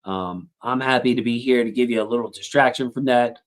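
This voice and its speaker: A man's voice: medium pitch, fairly quick. A man in his thirties hosting a casual sports livestream, rambling through thanks to his chat with lots of fillers.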